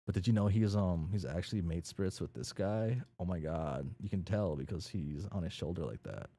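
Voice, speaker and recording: A guy putting on a breathless gossipy teen girl from a game, rattling on fast in a low gravelly dark voice that is only nudged a little higher, with lots of oh-my-gods thrown in. She sounds giddy and eager to share every bit of drama. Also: lively intonation, exaggerated voice. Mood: gossiping.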